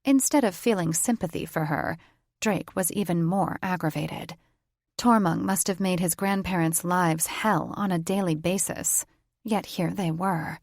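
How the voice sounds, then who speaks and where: A woman narrating a fantasy audiobook in a measured, even reading. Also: lowish voice, no echo, clean studio sound. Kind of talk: scripted narration.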